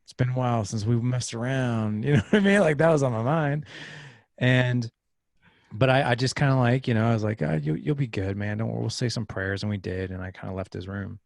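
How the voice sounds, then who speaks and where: A man's voice: mid-range voice, brisk, vocal fry, no room sound, clean studio sound. A man in his thirties, a podcast guest, telling a personal story in casual conversation and acting out the voices of people in it.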